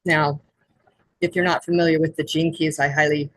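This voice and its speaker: A woman's voice: low voice, flat delivery, normal speed, low-quality recording. A woman who works as an intuitive guide, explaining spiritual astrology in an earnest way.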